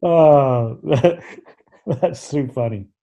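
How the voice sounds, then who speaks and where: A man's voice: mid-range voice, drawn-out words, dark tone. Easygoing podcast host, man. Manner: easygoing, stammers on restarts, chuckles along. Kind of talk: casual interview.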